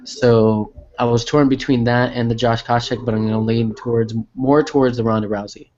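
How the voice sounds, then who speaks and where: A man's voice: medium pitch, fairly even intonation, moderate pace, darkish tone. A man with a mid-range voice argues his point in a casual podcast chat, blunt and profane. The recording sounds dull and lo-fi. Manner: argumentative, makes his case with profanity. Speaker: podcast co-host.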